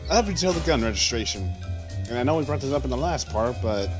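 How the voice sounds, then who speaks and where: A man co-hosting a game stream with casual, teasing banter, his voice moving up and down a lot. Game music plays clearly behind him. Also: medium pitch, expressive, fast. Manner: teasing, laughs easily. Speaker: co-host of a let's play stream. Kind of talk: casual let's play banter.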